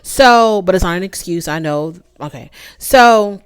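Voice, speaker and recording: A woman with a fairly low voice gives a casual, opinionated recap as the host of her own channel. She is animated and repeats her points for emphasis. The sound is dry and close, with no room echo. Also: measured pace, clear, resonant tone.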